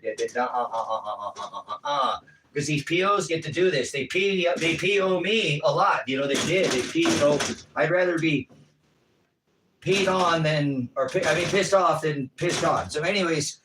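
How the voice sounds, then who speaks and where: A middle-aged man hosting a livestream, talking in a rambling, animated way with quick asides and voices for the people he quotes. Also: on the high side, rough recording. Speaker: livestream host.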